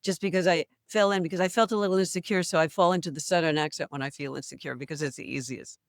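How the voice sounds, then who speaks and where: Speaking fast in a low register, this older woman is an actress appearing as a guest in a relaxed interview. She's a lively storyteller who laughs a lot. The New England recording is clean studio sound with no room noise.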